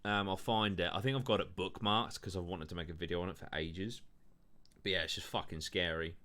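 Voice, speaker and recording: Guy with a real low voice but bright edge, casual sweary podcast rambling. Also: fairly even intonation, a little fast. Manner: rambling, swears a lot, many fillers. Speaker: podcast host.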